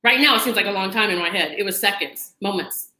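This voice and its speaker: Quick and sharp-toned at a medium pitch, a woman hosting her channel dramatically recounts something from her life to the camera, laughing and tossing in asides. Echo from the room is audible.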